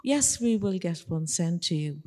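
A curt, stern gatekeeper at a golden gate, as a woman storyteller plays him, who turns people away. The low, mellow voice echoes with long church reverb. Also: lively intonation, unhurried. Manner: curt, refusing. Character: stern gatekeeper of a false heaven.

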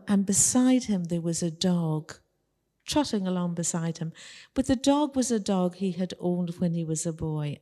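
Mellow woman telling a children's story in church. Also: lowish voice. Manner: gentle, animated storytelling. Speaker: children's address leader in a church service. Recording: long church reverb.

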